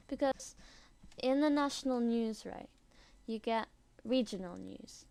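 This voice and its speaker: A woman's voice: a little high, normal speed, dark tone, clean tone. A woman with an English accent chatting casually in a rambling, giggly way, recorded on a built-in computer microphone. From England. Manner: rambling and chatty, full of "like" and "you know", giggly. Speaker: video blogger sending an audio message.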